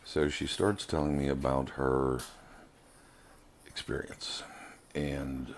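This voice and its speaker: A man with a very deep, flat voice tells a personal spiritual story. He speaks slowly, in an earnest and halting way, like a vlogger giving his testimony. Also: a little hiss or hum.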